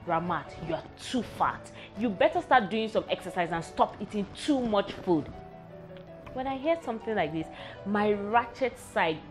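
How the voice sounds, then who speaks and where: Frank, wry young woman vlogging. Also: mid-range voice. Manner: frank, wry and self-mocking. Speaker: vlog host. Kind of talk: candid personal vlog.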